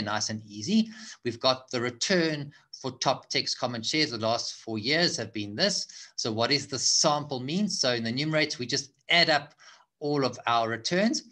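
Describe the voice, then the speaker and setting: A man's voice: medium pitch, pushed and bright. A man tutoring finance in a recorded lecture, explaining slides step by step and often restarting phrases. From South Africa.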